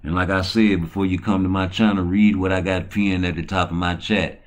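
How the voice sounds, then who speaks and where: A man hosting his own channel, talking in a profane, boisterous, rambling way that swings between low mutters and loud excited bursts. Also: brisk. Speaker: channel host. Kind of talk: rambling livestream talk.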